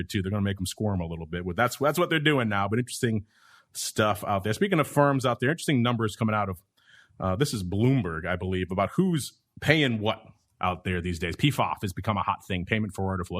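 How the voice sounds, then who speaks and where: A man's voice: fairly low pitch, fairly bright tone. A man hosting a markets podcast, chatty and wry, with asides. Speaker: podcast host. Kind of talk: casual market talk.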